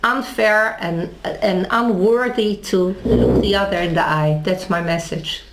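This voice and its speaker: A woman's voice: medium pitch, steady tone, a little slow, noisy background. A woman, interviewed in a casual conversation, telling a story with many restarts and acted-out dialogue. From Netherlands. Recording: echoey room.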